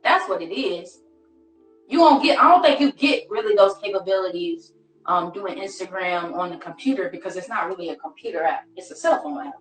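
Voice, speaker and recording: A woman hosts a casual live stream from her phone. She talks in a slangy, playful, coaxing way. Her voice sits at a middle pitch, with an echoey room and faint music behind her. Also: animated, a little fast.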